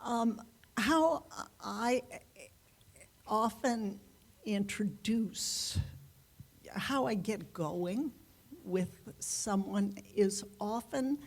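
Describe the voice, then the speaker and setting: A woman being interviewed as a guest author, answering in an unhurried, reflective way with pauses and fillers. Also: medium pitch. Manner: unhurried, reflective, halting with fillers and light laughs.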